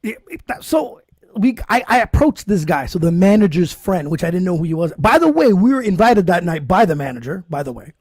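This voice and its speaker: A man's voice: high-pitched, brisk, no echo. A man co-hosting a podcast, telling a bar story in casual, profane chat and acting out the quoted lines. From Canada. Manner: animated, profane, acts out quoted dialogue. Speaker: podcast co-host.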